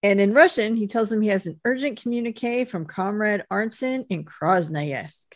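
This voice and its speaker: An American woman co-hosting a podcast, chatting casually about a TV episode, friendly and quick to laugh. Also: mid-range voice, no room sound, clean studio sound. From United States. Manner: laughs easily, friendly and agreeable. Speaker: podcast co-host. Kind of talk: casual chat recapping a TV episode.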